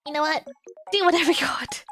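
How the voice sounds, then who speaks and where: A woman's voice: sits high, brisk, music in the background. A young woman hosting a live stream in casual chat, giggling often and ranting playfully at herself. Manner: playful, self-mocking rants. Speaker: streamer host.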